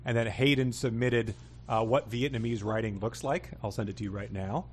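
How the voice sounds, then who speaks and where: Man, podcast host, average pitch, wry and amused, reads listener mail, loose with fillers. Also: fairly even intonation, moderate pace, slight background noise. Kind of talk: casual chat reading listener emails.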